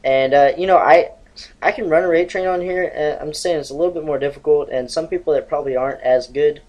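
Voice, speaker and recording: A man's voice: fairly high pitch, steady tone, quick pace, darkish tone, poor audio. A man in his twenties giving casual, rambling gameplay commentary, swearing and laughing often. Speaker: gaming channel host.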